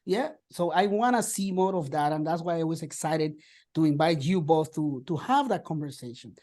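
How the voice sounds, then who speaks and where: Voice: medium pitch, lively intonation, moderate pace, darkish tone. Chatty host with a mid-range voice. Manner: chatty, loose, with fillers like "like". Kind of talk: casual discussion.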